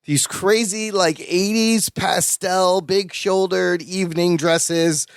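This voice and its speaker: A man's voice: sits high, steady tone, slow pace, clear, resonant tone, dry recording. A man co-hosting a sitcom rewatch podcast, recapping scenes with enthusiasm and laughing often. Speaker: podcast co-host. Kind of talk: casual podcast recap chat.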